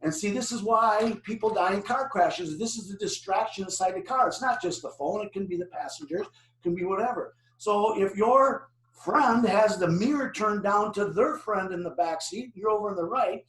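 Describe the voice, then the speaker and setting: A man's voice: sits high, normal speed. Older man telling stories in an echoey room. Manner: animated storytelling with questions to the audience. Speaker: driver safety presenter. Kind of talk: presentation to an online audience. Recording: echoey room, distant mic.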